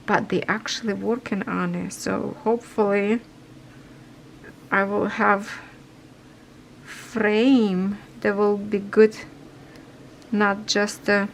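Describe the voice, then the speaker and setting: A woman's voice: medium pitch, creaky, slight background noise, poor audio. A woman chatting casually while she stitches, speaking broken, non-native English in a rambling way and sounding a little stuffy. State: stuffy nose. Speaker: cross-stitch vlogger.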